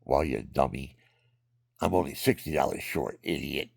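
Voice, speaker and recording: An older man telling a rambling personal story, often dropping into hushed whispers and repeating himself. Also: a bass voice, normal speed, dry recording, studio quality. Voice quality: gravelly. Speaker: vlogger.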